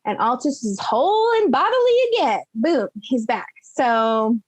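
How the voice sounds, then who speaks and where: A woman players' recap of a tabletop game, chatty and giggly, dropping into quick voices for characters. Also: on the high side, very animated, breathy edge, no echo, low-quality recording.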